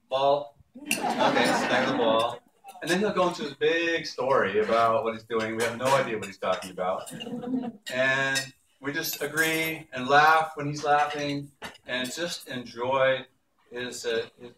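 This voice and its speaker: An older man tells anecdotes at an awards dinner, warm and unhurried, sometimes slipping into playful voices for quotes. He sounds set back from the mic in a roomy hall. Dishes and cutlery clatter behind him. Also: medium pitch, noisy background. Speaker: speaker at an awards ceremony. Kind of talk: storytelling speech. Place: banquet hall. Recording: echoey hall from far off with dish clatter.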